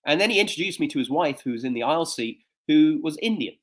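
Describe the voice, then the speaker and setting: A man's voice: mid-range voice, fast talker, few pauses. A man in his fifties, a coach and speaker, telling personal stories in an interview with frequent fillers and restarts. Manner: animated storyteller with frequent fillers. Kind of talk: conversational interview storytelling.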